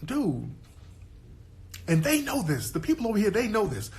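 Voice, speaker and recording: Guy ranting casual, streetwise and profane, keeps checking you follow, voice sits a bit high. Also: wildly swooping pitch, normal speed, a little mellow. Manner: emphatic, streetwise, profane, asks the listener for agreement. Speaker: guest commentator. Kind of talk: casual monologue.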